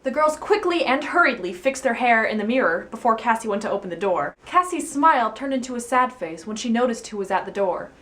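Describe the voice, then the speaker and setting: A woman's voice: a little high, expressive, brisk, few pauses, a bit bright. A teenage girl reads her homemade fan fiction aloud with mock drama. She keeps a giggle close behind the words, treating every line like a joke among friends. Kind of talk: comedic fan fiction reading.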